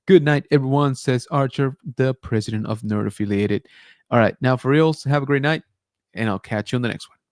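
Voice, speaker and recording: A man's voice: mid-range voice, a little fast, no room sound, studio quality. A man hosting a casual late-night livestream, chatting loosely with viewers and thanking them as he signs off. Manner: relaxed, rambling, thanks viewers and reads chat. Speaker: channel host. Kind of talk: casual livestream sign-off chat.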